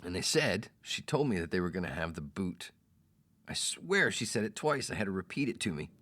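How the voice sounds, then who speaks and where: A man with a deep, low voice tells a rambling personal story on his podcast. He talks casually and animatedly, and his voice jumps up when he mimics the people in the story. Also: fairly quick. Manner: animated, mimics others in quoted lines. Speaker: podcast host.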